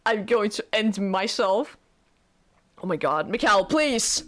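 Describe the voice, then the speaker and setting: A young woman who streams games, reacting to a visual novel on a first playthrough in an excitable, gushing way, swearing and laughing, with faint game music behind her. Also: mid-range voice, moderate pace. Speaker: gaming streamer.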